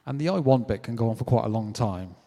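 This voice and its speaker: A British man preaching a sermon in a chatty, animated way, acting out quotes as he tells stories. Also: on the low side, fast, long reverb tail. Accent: British English. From Britain. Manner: conversational, animated storytelling with acted-out quotes.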